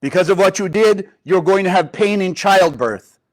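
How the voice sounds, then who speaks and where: A man's voice: high-pitched, normal speed, natural voice. A man voicing God as a stern judge, pronouncing punishments in a raised, declaiming voice.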